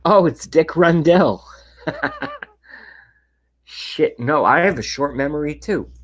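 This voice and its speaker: This livestream host's voice is a little high and expressive, at a moderate pace, with poor audio from his webcam mic. He rants casually to his chat, sarcastic and profane, sometimes dropping into a whisper.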